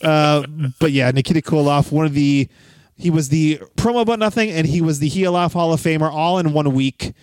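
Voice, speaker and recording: A man's voice: a little high, fairly quick, darkish tone, dry recording. A man hosting a casual podcast, chatting and reading listener messages aloud. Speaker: podcast host.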